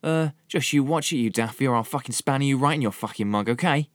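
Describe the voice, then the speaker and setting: A man's voice: medium pitch, a little slow, a little mellow, no room sound, studio quality, pitched above the performer's own voice, close to an everyday voice. A man putting on an exaggerated Cockney hard-man voice, swaggering and threatening, in a comedy monologue. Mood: menacing.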